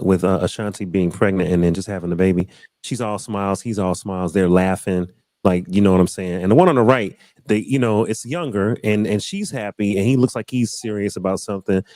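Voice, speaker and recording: Casting: low-voiced man hosting a relaxed panel talk, repeats himself, dry close mic. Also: no echo. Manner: loose, repeats phrases, says y'all. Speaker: host. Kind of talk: casual panel chat.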